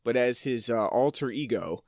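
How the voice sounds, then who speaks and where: A male podcast co-host talks casually about a movie, wandering through his points with many fillers and bursts of laughter. His voice sits at an ordinary pitch, recorded dry with no room sound. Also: normal speed, dry recording. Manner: rambling, hesitant, laughs often. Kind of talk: casual film discussion.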